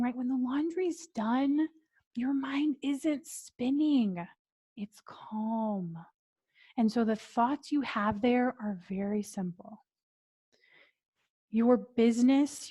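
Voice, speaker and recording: A woman business coach guides a training, keeping her speech deliberately slow and calm. Her voice runs on the high side, and she mixes in breathy sighs and soft whispers.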